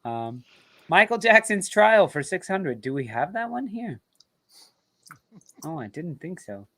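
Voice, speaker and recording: A man's voice: high voice, sing-song, measured pace, sharp tone. An American man hosting casual trivia banter, jokey and swearing, laughing as he talks. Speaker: host.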